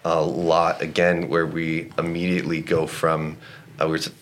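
Male co-host, very low voice, casual and playful scripture discussion. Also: normal speed. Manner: animated, jumps way up in pitch when amused. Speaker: podcast co-host.

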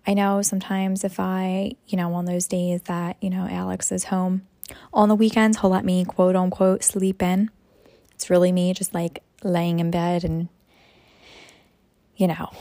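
A woman's voice: on the low side, vocal fry, warm tone, dry recording. A young woman, a mom, talking casually in a rambling monologue full of "you know" and "like". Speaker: mom sharing personal reflections.

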